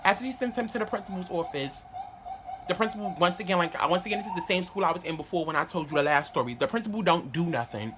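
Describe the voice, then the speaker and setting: A man's voice: high voice, fast talker. A man chats to the camera in a loose vlog story. He swears freely and keeps restarting his sentences. His speech is full of "like" fillers, with a faint hiss in the background. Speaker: vlogger.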